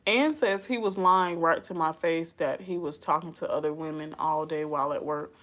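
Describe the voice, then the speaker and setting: A woman's voice: low-pitched, normal speed, a bit bright. A woman giving casual advice in a vlog, sassy and chatty, often breaking into laughter. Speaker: advice vlogger. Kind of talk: casual chat.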